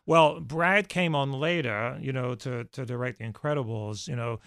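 A man with a gravelly voice talks through his answers in a halting, reflective way. His many fillers and restarts make it sound unscripted. The sound is dry and close. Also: mid-range voice, fairly bright tone, no room sound. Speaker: podcast guest, former studio executive. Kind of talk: conversational interview answers.

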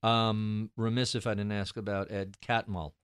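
A male podcast host with a smooth, clear voice asks his guest measured questions. He listens attentively and comes back with follow-ups. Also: lowish voice, flat delivery, fairly bright tone. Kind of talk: interview questions.

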